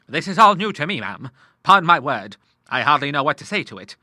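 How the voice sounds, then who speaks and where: A man's voice: a little high, very animated, fairly quick, pushed and bright, dry recording, clean studio sound, full character voice. A man doing a bluff old sea admiral. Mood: hearty. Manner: hearty, courteous, salty sea talk. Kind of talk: audiobook character voice.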